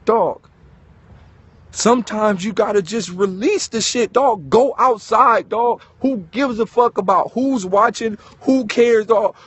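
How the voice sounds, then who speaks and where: A man giving an animated, preachy motivational talk, swearing and calling listeners dog. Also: high-pitched, takes it slowly, breathy edge, no room sound. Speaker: host.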